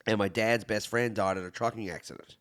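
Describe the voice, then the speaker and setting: A man, hosting a podcast and telling a personal story in a reflective, halting way, often restarting and growing quiet. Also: lowish voice, steady tone, clean tone. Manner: reflective, halting storytelling with many restarts, drops soft when sad. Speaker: podcast host. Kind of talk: casual conversation.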